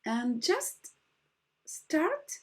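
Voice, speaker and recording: With a high-pitched, very animated voice delivered very slowly, a woman demonstrates an embroidery stitch one step after another. She has a French accent, speaks English as a second language in a slightly broken way, and stays gentle and patient.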